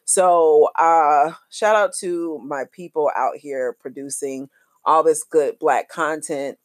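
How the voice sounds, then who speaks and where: A woman podcast host, talking in a lively, chatty, affectionate way full of slang as she wraps up her show. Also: low voice, slow, no room sound, clean studio sound. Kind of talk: casual podcast outro.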